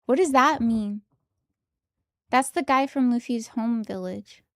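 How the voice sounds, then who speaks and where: A young woman streaming from home, chatting casually and giggling excitedly as she opens trading cards. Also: fairly high pitch, slow pace, smooth, no room sound, clean studio sound. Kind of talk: casual live-stream chat while opening trading cards.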